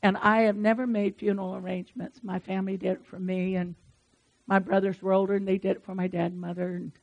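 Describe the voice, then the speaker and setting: A woman's voice: medium pitch, little pitch movement, fast talker, vocal fry, highs cut off. A woman preaching a conversational sermon in an earnest, encouraging and folksy way, with asides to her congregation.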